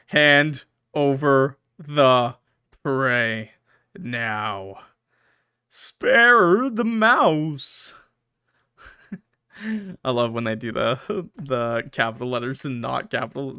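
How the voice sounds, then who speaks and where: A man's voice: medium pitch, fairly bright tone, clear, resonant tone, no echo, studio quality. A young man playing a horror game, reading its text aloud with dramatic swings and joking asides. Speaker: gaming YouTuber.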